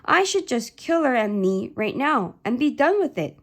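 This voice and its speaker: A woman's voice: fairly high pitch, big pitch swings, moderate pace, pitched above the performer's own voice. A woman reading aloud a scoffing, indignant middle-aged immigrant father from a novel. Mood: muttering.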